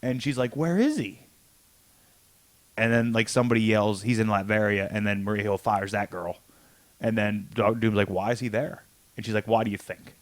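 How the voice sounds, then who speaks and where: A man's voice: fairly low pitch, fairly even intonation, fairly quick, no echo. A man co-hosting a casual comics podcast, retelling a story in a loose, rambling way and acting out the lines in his own voice. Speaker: podcast co-host. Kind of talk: casual chat about comics.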